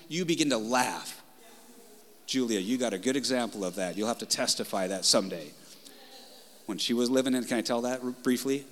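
A man's voice: mid-range voice, a little fast, long reverb tail. Passionate male pastor preaching. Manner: passionate, conversational, swings loud and soft. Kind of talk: sermon. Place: church sanctuary.

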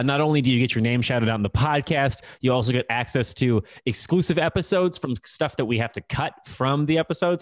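A man's voice: mid-range voice, dry recording. Man, podcast co-host, casual and campy, dry close sound. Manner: playful, joking, campy. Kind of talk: casual chat.

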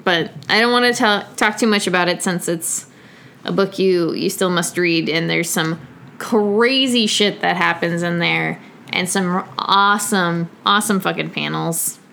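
A woman's voice: lowish voice, a little slow, vocal fry, bright, forceful tone, slight background noise. A young woman co-hosting a comics podcast, chatting casually and enthusiastically, swearing freely. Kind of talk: casual chat.

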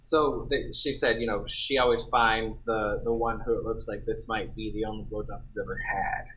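A man's voice: on the low side, fairly even intonation, moderate pace, fairly bright tone, rough recording. A man co-hosting a podcast, chatting casually and telling a story in a rambling, self-interrupting way. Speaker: podcast co-host. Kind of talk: casual chat.

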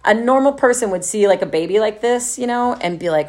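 A woman's voice: medium pitch, animated, brisk, few pauses. A middle-aged woman from Texas, telling a personal story to a live audience in a candid, wry way, often laughing and saying "like". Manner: candid, wry, laughs through dark memories, many fillers like "like".

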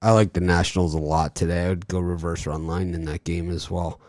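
A man hosting a sports betting show, chatting casually about baseball picks and telling stories with animated bursts that trail off low. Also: a little fast, no echo.

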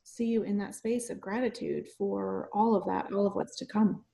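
An enthusiastic woman hosting a podcast, talking in a gushing, affirming way. Her voice sits at a middle pitch, and she chats casually with her guest. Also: steady tone, moderate pace, vocal fry, very noisy. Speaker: podcast host. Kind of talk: casual chat.

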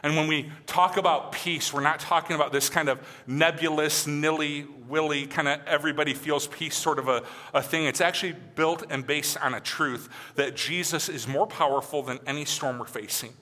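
A man preaching a sermon as a pastor, emphatic and conversational, often asking his listeners "right?", and dropping to a soft, slow voice on key phrases. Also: on the high side, fairly even intonation. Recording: long hall reverb.

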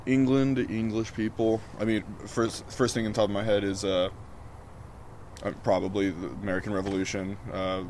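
Laid-back low-voiced man on the street. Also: level tone, moderate pace, a little mellow, slight background noise. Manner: laid-back, casual, swears freely. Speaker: passerby. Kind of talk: street interview. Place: outdoors on a street.

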